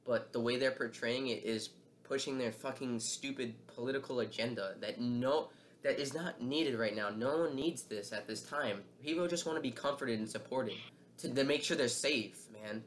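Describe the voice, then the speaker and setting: Male host, heated and emotional commentary with frequent swearing and fillers, faint background noise. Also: medium pitch. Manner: angry, emotional, swears often; repeats words and filler phrases.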